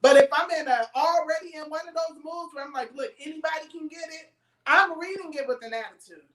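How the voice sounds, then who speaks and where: High-pitched woman telling stories, firm and emphatic, sounds far off in an echoey room. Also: fairly quick, a bit bright. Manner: emphatic, storytelling, laughs. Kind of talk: casual chat.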